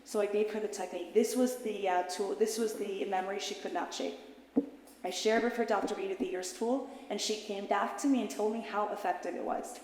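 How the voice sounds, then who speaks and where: A woman mentor telling an intense story to a live audience, her voice moving from hushed to loud and high. Her pitch sits in the middle. The sound rings through a large, very echoey hall with a long tail of reverb. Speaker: mentor and teacher. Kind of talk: emotional storytelling talk to an audience.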